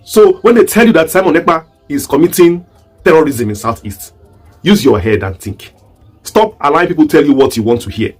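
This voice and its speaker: A Nigerian-accented man delivers pointed commentary in a high, swooping voice. His tone is a little husky, and he presses his points with question after question. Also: sing-song, a little fast, faint music behind. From southeast Nigeria. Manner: rhetorical, emphatic, asks repeated questions. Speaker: online commentator. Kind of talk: commentary video.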